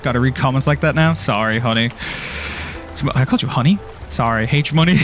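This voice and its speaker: A man's voice: mid-range voice, brisk, a bit bright, faint music behind. An Irish man streaming a game, rambling and joking with his viewers and laughing often. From Ireland. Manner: rambling and jokey, laughs often, self-teasing. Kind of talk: casual gameplay commentary, chatting with viewers.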